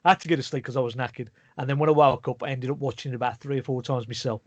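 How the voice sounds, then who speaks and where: A man, a podcast co-host telling a story in a rambling way with many halting restarts. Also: mid-range voice, fairly even intonation, no room sound. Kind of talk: casual chat.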